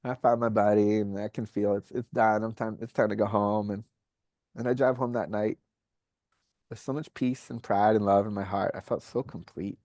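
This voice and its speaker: Gravelly-voiced New York man telling a story. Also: on the low side, moderate pace, no echo, studio quality. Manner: candid, animated storytelling with acted-out quotes. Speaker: podcast guest. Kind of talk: casual storytelling.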